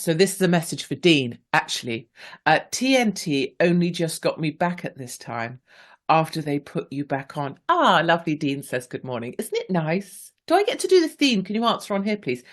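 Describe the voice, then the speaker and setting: A woman's voice: fairly low pitch, very animated, moderate pace. A woman in her forties hosts a radio talk show. She is chatty and playful and reads listener messages aloud in a casual monologue. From England.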